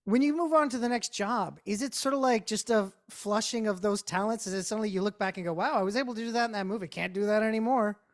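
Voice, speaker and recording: A man's voice: high voice, quick pace, few pauses. A man hosting an interview, chatting in an easygoing way with many fillers and restarts. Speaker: interview host. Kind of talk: casual interview chat.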